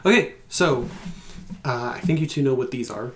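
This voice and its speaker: A man's voice: mid-range voice, normal speed, reverberant. Easygoing man running a tabletop game. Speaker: game master.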